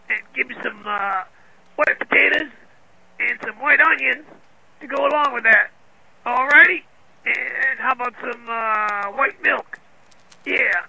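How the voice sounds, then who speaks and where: A man putting on a high-pitched voice as a male customer, in a drawn-out, mocking, repetitive prank voicemail. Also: creaky, sharp tone, slight background noise, exaggerated voice, rough recording.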